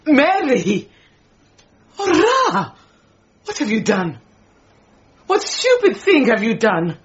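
An actress playing an indignant, possessive housemaid who complains dramatically, in a radio drama. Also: female voice, fairly high pitch, huge pitch swings, takes it slowly, muffled recording, exaggerated voice. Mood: wailing. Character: indignant, possessive housemaid, middle-aged woman.

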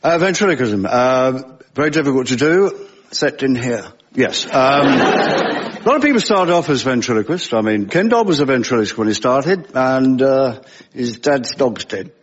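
An older man performing a ventriloquist act, speaking in halting, tongue-twisting patter in front of a studio audience. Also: mid-range voice, animated, slight background noise. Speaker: ventriloquist comedian. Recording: muffled audio, loud studio audience.

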